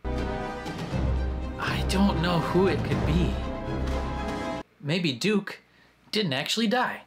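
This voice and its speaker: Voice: medium pitch, very slow, faint music behind. A host reacting to a movie in casual commentary, chatting and speculating about the plot as it plays. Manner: lively, chatty running reactions to a film. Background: film soundtrack playing faintly.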